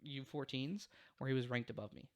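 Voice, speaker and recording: A man's voice: mid-range voice, brisk. A young man co-hosting a casual podcast, rambling with lots of "like" fillers. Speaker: podcast co-host. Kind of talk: casual chat.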